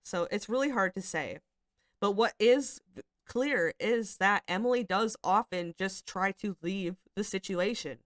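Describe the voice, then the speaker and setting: A woman's voice: medium pitch, measured pace, fairly bright tone, no room sound, clean studio sound. A woman giving casual, rambling commentary as she reads screenshots, hedging a lot and sounding exasperated and critical. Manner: rambling, hedging with frequent fillers. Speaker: commentary channel host.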